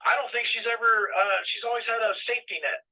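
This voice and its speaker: Brief: male caller, high voice, hesitant and filler-heavy, thin phone line at a distance. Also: steady tone. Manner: halting, full of fillers. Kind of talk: phone call. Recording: tinny phone line from afar.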